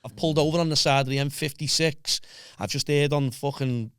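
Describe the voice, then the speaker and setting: A man's voice: on the high side, fairly even intonation, brisk, a bit bright, clean tone, no echo, studio quality. A man with a Liverpool accent, a podcast guest telling a story in casual chat, swearing constantly and acting out the voices of people he quotes.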